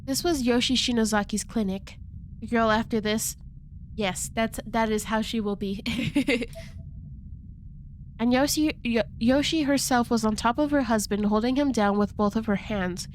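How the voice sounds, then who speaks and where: At night, a woman streamer keeps her voice down as she reads a game's text aloud with casual commentary, slipping into playful asides and stifled giggles while stumbling over words. Her voice is fairly high at a measured pace, with slight background noise.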